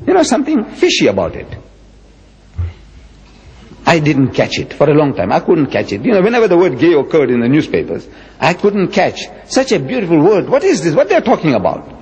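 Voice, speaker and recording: Man, 70s, religious lecturer, emphatic, lively intonation, muffled lo-fi sound. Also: normal speed. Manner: emphatic, rhetorical, with dramatic swings in pitch. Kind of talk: public lecture. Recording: dull lo-fi recording with long hall reverb.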